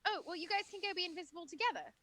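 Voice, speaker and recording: A woman playing a tabletop game, talking in a lively, joking way. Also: very high voice, very fast. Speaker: player.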